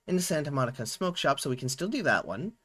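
Talking fast in a fairly high voice with a breathy edge, a man chats casually while live-streaming a game. He fumbles with his audio settings, and his chatty delivery rises and falls with lively ups and downs.

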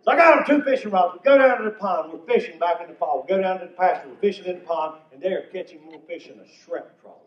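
A man's voice: sits high, fast, few pauses. An older man from North Carolina, telling stand-up comedy stories in a folksy way. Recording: echoey venue from far off, muffled.

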